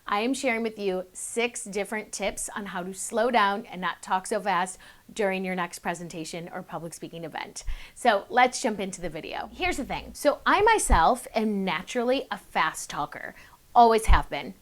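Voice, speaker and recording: Young woman coaching on public speaking, chatty and upbeat, talks to the camera, mid pitch. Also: expressive. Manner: chatty and upbeat, with quick bursts and self-aware asides. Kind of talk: casual to-camera tips video.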